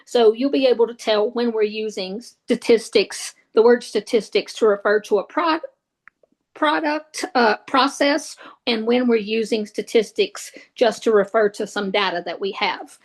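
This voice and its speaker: A woman's voice: on the high side, unhurried, low-quality recording. Woman lecturing with many fillers. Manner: hesitant, many fillers and restarts. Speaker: statistics instructor. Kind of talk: recorded lecture.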